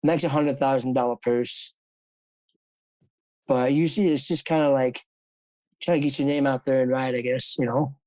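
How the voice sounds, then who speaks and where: A man's voice: medium pitch, fairly even intonation, normal speed, pauses often, a little mellow, no room sound, poor audio. A man from South Dakota, a former jockey, telling his story as an interview guest in a rambling way with frequent laughs. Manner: rambling, laughs often, acts out quoted voices.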